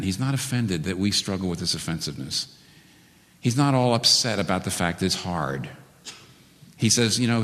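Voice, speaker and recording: A male pastor preaching a sermon, earnest and building to animated peaks before dropping to a quiet prayer. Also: lowish voice, normal speed. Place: church sanctuary. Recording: preached in a church hall with long reverb.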